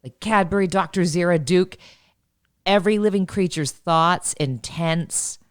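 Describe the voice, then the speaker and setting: A woman's voice: lowish voice, a little slow, clear, resonant tone, no room sound, studio quality. A woman co-hosting a comedic chat show, joking and laughing through her sentences. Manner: jokey, laughs often mid-sentence. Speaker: podcast co-host.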